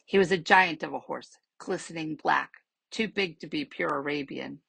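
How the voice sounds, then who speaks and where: A woman reading a children's novel aloud as a library storyteller, steady and measured, with soft trailing endings. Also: deep voice, creaky, breathy edge, no echo, poor audio.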